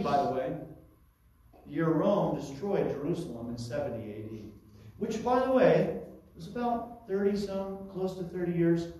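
A man's voice: fairly high pitch, warm tone, heavy reverb, recorded from a distance, rough recording. A man preaching an expository sermon, teaching through a Bible passage with frequent asides.

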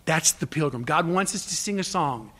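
A man preaching a sermon as pastor, emphatic and repetitive, swinging from loud exhortation to hushed asides. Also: on the high side, animated, moderate pace, husky.

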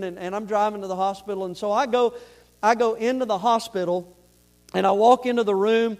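A male pastor preaching a sermon, telling a personal story earnestly and building into fervent, shouted preaching. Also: high voice.

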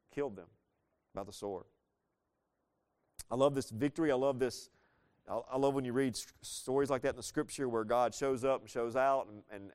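A man preaching a sermon, explaining a Bible story in a conversational way with playful asides and reading scripture slowly. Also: mid-range voice, darkish tone, clear, resonant tone.

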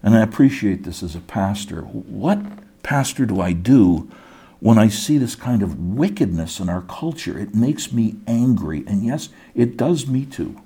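A middle-aged pastor preaching in a slow, unhurried cadence. His voice is low, dark and mellow, with a husky edge, and he talks earnestly, often repeating words as he builds each point. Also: lively intonation. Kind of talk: sermon.

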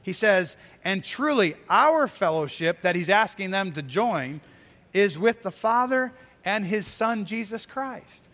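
A man's voice: high-pitched, expressive, measured pace, a bit bright, long reverb tail. A male pastor preaching an earnest, emphatic sermon with repeated phrases.

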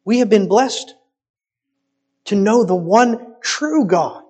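A man preaching a sermon in an emphatic, rhetorical style with deliberate pauses. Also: sits high, animated, a little mellow, breathy edge.

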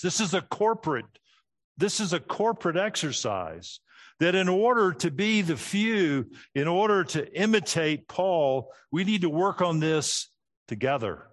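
A middle-aged man preaching an expository sermon, laying out his points in a clear teaching manner and dropping low at the ends of phrases. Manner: structured, teaching, drops pitch at phrase ends.

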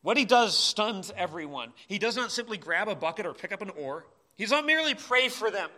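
Pastor guy preaching in church, highish voice, gets loud then drops quiet. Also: big pitch swings, brisk. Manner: impassioned, swings between loud urgent cries and quiet asides. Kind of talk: sermon.

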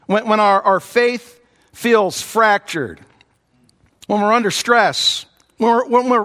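A man preaching a sermon, earnest and repetitive, who rises in pitch when voicing others. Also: measured pace, a bit bright. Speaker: pastor. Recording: long hall reverb.

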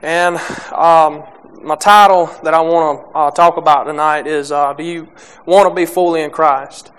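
A young man preaching a sermon, halting with many restarts and fillers, reading scripture and speaking plainly about faith. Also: a little high, steady tone, a bit bright, clear, resonant tone.

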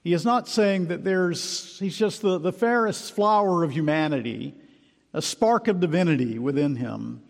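A man preaching an expository sermon, emphatic and measured, slowing down to stress key words. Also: a little high, creaky. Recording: long hall reverb.

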